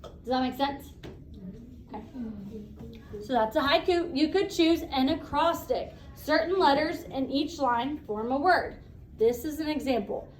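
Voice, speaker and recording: High-voiced woman teaching a class. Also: echoey room, recorded from a distance, a little hiss or hum, rough recording. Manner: brisk, encouraging, asks questions.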